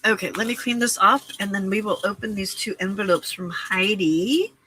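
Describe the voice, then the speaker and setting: A woman's voice: medium pitch, normal speed, sharp tone, slight background noise, poor audio. A woman hosting a late-night crafting livestream from her home craft room, chatting casually, greeting viewers by name and teasing herself.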